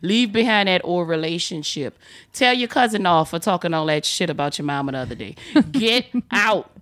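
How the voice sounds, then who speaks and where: Low-voiced woman, emphatic and preachy. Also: brisk, a bit bright. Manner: emphatic, preachy pep talk. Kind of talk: casual chat.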